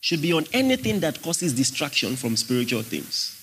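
A man's voice: a little high, very animated, normal speed, fairly bright tone, a little hiss or hum. A man preaching a sermon, emphatic and questioning his congregation as he teaches. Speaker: pastor.

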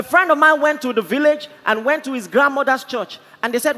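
A Nigerian man preaching with passion, his voice pitched high and ringing bright. He tells stories as he drives his points home. His voice carries through an echoing hall with a faint hum of ambience behind it. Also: fairly quick. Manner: impassioned, storytelling preaching. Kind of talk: sermon.

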